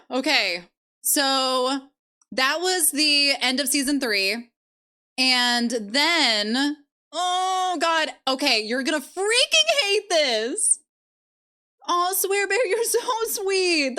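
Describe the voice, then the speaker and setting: A woman's voice: high-pitched, pushed and bright. A woman live-streaming, chatting casually with her viewers and laughing often. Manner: giggly, bubbly, laughs often.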